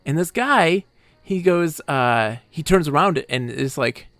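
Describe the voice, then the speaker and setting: Animated streamer man, dry close sound. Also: on the high side, slow, dry recording. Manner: animated, rambling retelling with fillers and asides. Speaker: game streamer. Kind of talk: casual storytelling to a live stream. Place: home room.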